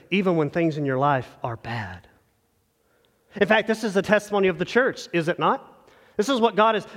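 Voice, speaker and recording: A man preaching a sermon as pastor, earnest and conversational, speaking straight to the congregation. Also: high voice. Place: church sanctuary. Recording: long church reverb.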